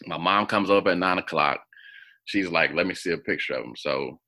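Deep, bright-voiced man telling a story. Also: moderate pace. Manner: animated, acts out quoted voices with big pitch jumps. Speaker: guest. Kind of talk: storytelling in an interview.

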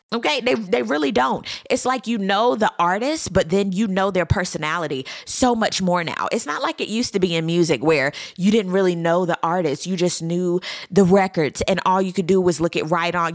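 A woman, giving a sassy, animated recap as a reality TV host. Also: dry recording, studio quality. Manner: sassy, animated commentary with dramatic pitch swings. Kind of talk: casual chat.

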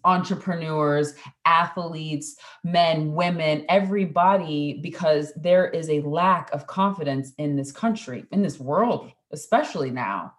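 Low-voiced chatty woman. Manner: chatty, animated storyteller, playful. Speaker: podcast host and interview guest. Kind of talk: casual interview chat.

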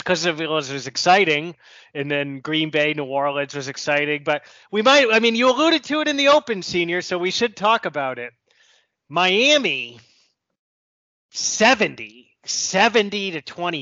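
A man with a bright, forceful voice leads a casual sports chat, joking and laughing between his points. The recording is dry and slightly dull, with a lo-fi podcast sound. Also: a little high, no echo. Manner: chatty and joking, laughs often. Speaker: podcast host. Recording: slightly muffled lo-fi podcast audio.

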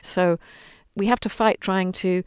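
A woman talks with earnest warmth, then reads a storybook aloud, lending its quoted lines their own voice. Her tone is smooth and resonant. The recording is dry and close, with no room sound. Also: medium pitch, steady tone, a little slow, no echo. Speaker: guest author reading her book. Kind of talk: conversational interview, then storybook read-aloud.

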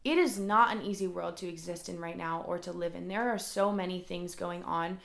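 A woman's voice: lowish voice, normal speed, creaky, fairly bright tone, roomy sound. A young woman hosting a solo podcast, talking earnestly and emotionally in a casual way, with many "like"s. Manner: earnest and emotional, says "like" often. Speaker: podcast host.

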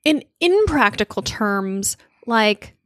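A woman's voice: on the high side, very animated, slow, dry recording, clean studio sound. Chatty, wry woman podcast co-host. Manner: chatty, wry, thinks aloud with fillers. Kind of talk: casual chat.

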